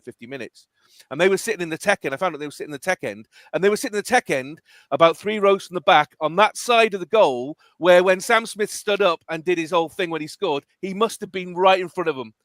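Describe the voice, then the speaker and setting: Middle-aged male podcast host, excitable storyteller, slightly high voice. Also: no echo. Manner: animated, emphatic storytelling. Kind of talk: casual podcast chat.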